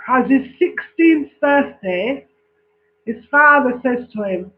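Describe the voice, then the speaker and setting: A man tells a long joke in a casual, repetitive way and stops to check that his listeners are following. His voice is very high and his pace is slow. The recording sounds thin, like a phone line. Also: expressive. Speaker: joke teller.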